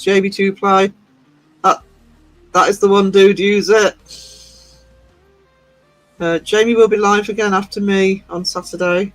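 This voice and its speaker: Guy on a livestream, keeps giggling, slow talker, a bit high, faint music behind. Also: level tone, fairly bright tone, no room sound, poor audio. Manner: giggly, reading chat aloud. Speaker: livestream host. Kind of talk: casual live-stream chat.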